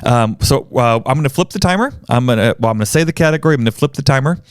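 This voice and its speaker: A man co-hosts a podcast in a mid-pitched voice, chatting casually and playfully. He rambles a little as he explains a party game. The sound is close and dry, with no room around it. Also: lively intonation, rapid-fire, smooth, no room sound. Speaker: podcast co-host. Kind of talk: casual chat, game round.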